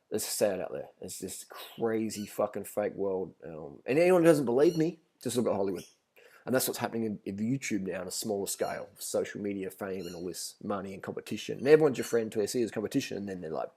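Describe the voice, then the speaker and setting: A man's voice: on the low side, expressive, fast talker, dark tone, slightly rough. A man telling a story in a blunt, rambling, profane vlog rant. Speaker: vlogger.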